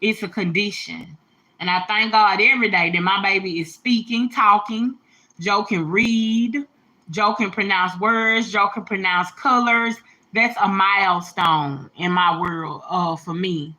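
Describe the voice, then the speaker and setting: A woman hosting a casual livestream, talking straight to her viewers. Her bright, forceful voice is emphatic and slangy. She sounds a little teary as she speaks from the heart. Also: mid-range voice, unhurried. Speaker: livestream host, mother.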